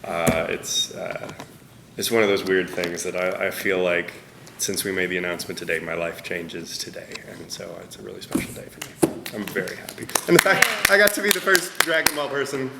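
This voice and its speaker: A man being interviewed as a voice actor at a press roundtable, talking in an animated, self-deprecating way with frequent laughter. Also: low voice, normal speed, gravelly, heavy background noise. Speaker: voice actor guest. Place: convention press room.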